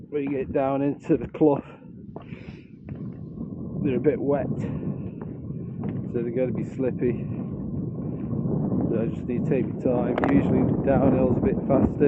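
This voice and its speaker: A man in his thirties chatting casually and hesitantly while hiking downhill, a little out of breath. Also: medium pitch. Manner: rambling, self-deprecating, hesitant. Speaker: vlogger. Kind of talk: casual walking vlog talk. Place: rocky hillside outdoors in strong wind. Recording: lo-fi phone-like sound, loud wind noise.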